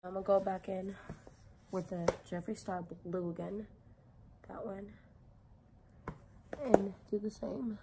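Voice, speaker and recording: A woman's voice: medium pitch, steady tone, slow pace, pauses often, heavy background noise. A young woman talking casually through a makeup tutorial in a chatty, filler-heavy way, with some swearing. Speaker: beauty vlogger.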